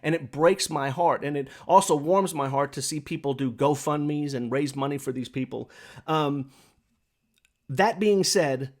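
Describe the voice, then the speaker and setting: Podcast host, man, fervent and repetitive, voice sits a bit high. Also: a little slow. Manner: impassioned, repetitive, preachy; smokes a pipe while talking. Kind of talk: opinionated monologue.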